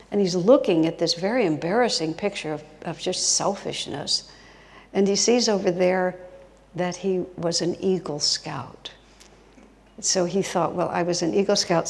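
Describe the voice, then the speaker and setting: A woman's voice: on the low side, creaky, darkish tone. A woman giving a spiritual talk as a guest teacher, telling stories expressively and dropping to a whisper for emphasis. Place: retreat hall. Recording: long hall reverb.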